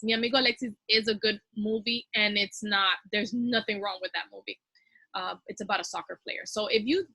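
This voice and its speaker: A woman teacher talking fast and casually to fellow teachers, giving advice in a chatty way. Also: on the high side, sharp tone, dry recording.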